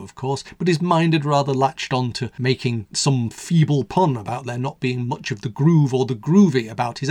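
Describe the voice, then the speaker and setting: A man from the United Kingdom, a radio host narrating a scripted story in a wry, measured way. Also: medium pitch, darkish tone, husky, no echo.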